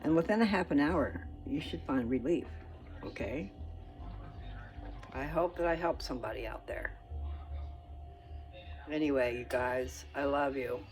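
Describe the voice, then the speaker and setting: A woman's voice: a bass voice, measured pace, pauses often, a little mellow, soft background music, rough recording. A woman vlogger in her kitchen, talking casually and folksily to her viewers and often checking in with "okay?".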